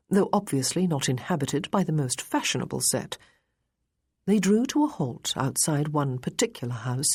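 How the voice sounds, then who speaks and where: A woman narrating a period romance novel in a measured, even storytelling manner. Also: low-pitched, breathy edge. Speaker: audiobook narrator.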